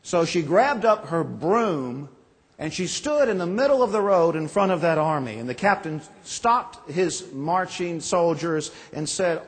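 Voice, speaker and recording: A man's voice: a little high, animated, unhurried, husky. Man in his forties preaching in an echoing church. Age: 40s. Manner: folksy storytelling with self-deprecating jokes. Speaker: pastor. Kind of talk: sermon. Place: church sanctuary. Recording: long echo of a large church.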